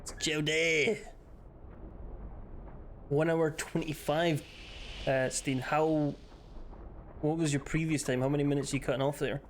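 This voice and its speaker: A man's voice: a little high, level tone, unhurried, pauses often, a little hiss or hum. A man streaming a game, swearing freely and joking back and forth with his chat. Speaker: livestreamer. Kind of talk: casual gaming stream chat.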